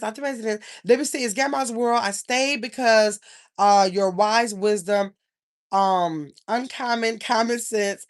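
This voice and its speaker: An older woman, hosting a casual livestream, rambling and chatting with viewers. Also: on the high side. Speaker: channel host.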